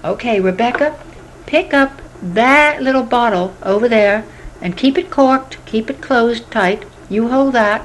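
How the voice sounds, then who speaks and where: A kindly grandfatherly doctor, played by a woman telling the story, speaking in a calm, measured, professional voice. He sounds soft and close to the teller's own voice, easing children along. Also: a little high, slight background noise, pitched above the performer's own voice, close to an everyday voice, low-quality recording.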